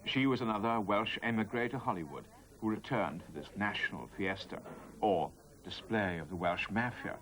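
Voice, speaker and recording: Low-voiced male documentary narrator. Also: moderate pace, fairly bright tone. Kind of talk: scripted narration.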